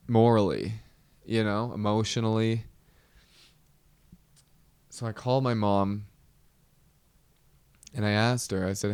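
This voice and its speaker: A young man hosting a podcast, telling a comedic story with animated, exasperated outbursts. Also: fairly low pitch, clear, resonant tone, no room sound. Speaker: podcast host.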